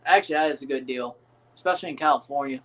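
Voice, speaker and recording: Hosting a livestream watchalong of a football match, a man with a mid-range voice talks rapid-fire, laughing a lot, swearing, and calling out the match minutes in loose reaction commentary. His mic sounds distant.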